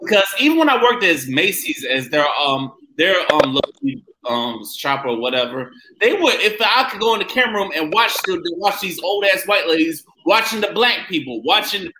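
A man in a casual podcast chat, blunt and heated, swearing freely. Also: high voice. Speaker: podcast co-host. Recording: echoey room with noise.

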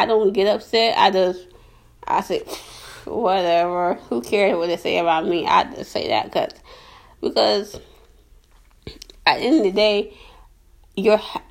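A woman hosting her own podcast, talking earnestly and repetitively about faith and cutting out negative people. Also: medium pitch. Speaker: podcast host. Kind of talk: casual faith-based podcast monologue.

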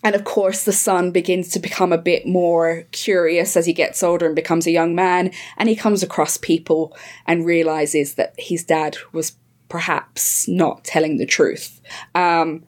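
A woman's voice: fairly low pitch, steady tone, a little slow. A woman chatting casually on a podcast, giving blunt, emphatic film opinions and swearing freely. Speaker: podcast guest.

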